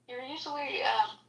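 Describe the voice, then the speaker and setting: A woman's voice: high-pitched, fairly bright tone. A woman co-hosting a podcast in casual chat, often laughing as she talks. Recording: echoey room, far from mic.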